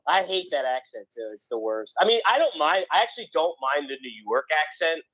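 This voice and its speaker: A man's voice: fairly high pitch, very animated, a little fast, bright, forceful tone, poor audio. A man from the US East Coast with a slight Philadelphia accent, co-hosting a casual podcast chat with frequent restarts. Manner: rambling, restarts often, opinionated. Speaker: podcast co-host.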